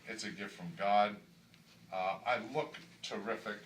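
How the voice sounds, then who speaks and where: A man's voice: fairly low pitch, unhurried, reverberant. A middle-aged man giving a candid patient testimonial in a hospital room, emphatic and often repeating himself as he stumbles over words. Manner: emphatic, stumbling repetitions, grows excited and loud. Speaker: weight-loss surgery patient. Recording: distant mic with faint background hiss.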